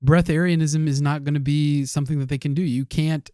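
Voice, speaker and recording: A man's voice: on the high side, fairly even intonation, fairly quick, dark tone, smooth, no room sound, clean studio sound. Hesitant, agreeable male podcast co-host. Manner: hesitant, restarts often, agreeable. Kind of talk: casual podcast chat.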